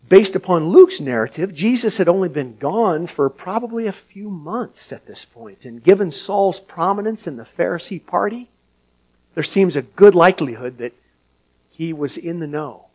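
A man preaching a sermon as pastor to his church, asking the congregation questions and swinging from hushed lines to loud ones. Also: a little high, slightly rough.

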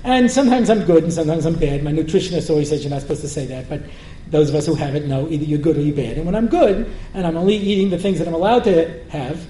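A man gives a humorous Torah lecture as a rabbi, joking and repeatedly asking his audience questions. His fairly high voice is fast and mellow, heard in a roomy hall with faint noise.

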